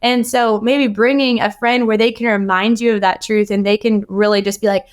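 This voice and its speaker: A woman's voice: medium pitch, fairly even intonation, normal speed, hardly any pauses, clean tone. A woman guest on a podcast, talking earnestly and rambling with many fillers in casual interview conversation.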